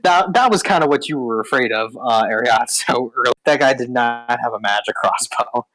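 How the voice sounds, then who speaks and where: A man running a tabletop game as dungeon master, talking haltingly with many ums and uhs. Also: medium pitch, fairly bright tone, no echo, poor audio.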